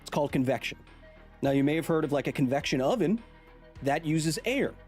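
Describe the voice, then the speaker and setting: With faint music in the background, a man in his thirties runs a live stream, bantering casually and reading viewer comments out loud. His voice is on the high side, slightly mellow, animated and fairly quick, and his manner is playful and full of jokes.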